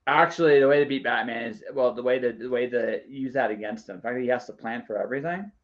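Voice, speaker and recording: Animated man on a lo-fi call. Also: medium pitch, fast. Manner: animated, emphatic, playful. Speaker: guest. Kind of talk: casual chat. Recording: dull lo-fi sound.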